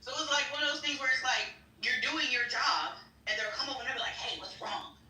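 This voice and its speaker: A woman telling stories in a casual chat, blunt and quick to swear. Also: high-pitched, bright, forceful tone. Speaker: guest. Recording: roomy and distant.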